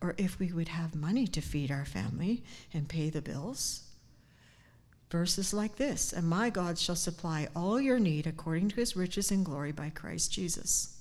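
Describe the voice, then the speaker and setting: An older woman giving a heartfelt personal devotion, earnest and sincere, sometimes dropping to a hushed near-whisper. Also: fairly low pitch, lively intonation, moderate pace. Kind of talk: personal devotional talk with scripture. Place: church gathering, speaking standing up.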